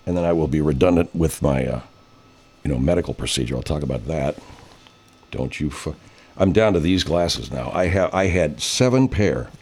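A man's voice: extremely low pitch, animated, moderate pace, a little mellow, breathy edge. A man over fifty, a radio host, telling a rambling, profane story in casual chat and putting on voices when he quotes people.

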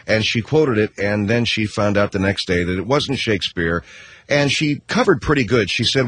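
Sarcastic talk radio host, husky. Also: male voice, on the low side, animated, normal speed, a bit bright, no room sound. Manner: sarcastic, emphatic.

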